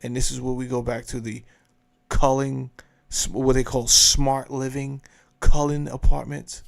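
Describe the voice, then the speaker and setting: A man's voice: medium pitch, little pitch movement, measured pace, vocal fry. A man hosting his own show, giving blunt, profane, emphatic commentary in a casual rant. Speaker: show host commenting on a clip.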